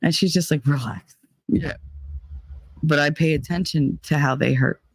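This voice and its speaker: A woman's voice: low voice, fairly even intonation, normal speed, dry recording. A woman hosting a casual livestream chat, venting bluntly and swearing heavily as she talks. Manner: profane, heated and blunt. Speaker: livestream host.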